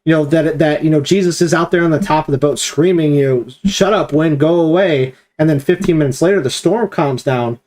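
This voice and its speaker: A man's voice: on the high side, fast, few pauses, darkish tone. A man leading a streamed Bible study discussion, explaining at length and acting out quoted commands with emphasis.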